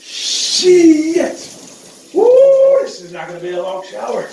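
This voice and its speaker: A man's voice: extremely high pitch, sing-song, unhurried, gravelly, recorded from a distance, a little hiss or hum. A man, talking casually to camera in a profane, joking vlog, whooping as he goes. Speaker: vlogger. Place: outdoor shower. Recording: echoey, from off the mic, with running water.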